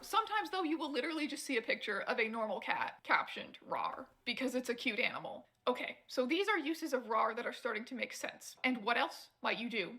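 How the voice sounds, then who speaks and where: Bright-voiced woman narrating with wry humor. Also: on the high side, lively intonation, a little fast, hardly any pauses. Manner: wry, amused commentary. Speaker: video essay narrator. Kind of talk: scripted narration.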